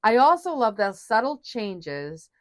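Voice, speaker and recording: A woman's voice: on the high side, very animated, measured pace, no echo, studio quality. A woman co-hosting a podcast, chatting casually and enthusiastically about a film and acting out its scenes. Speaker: podcast co-host.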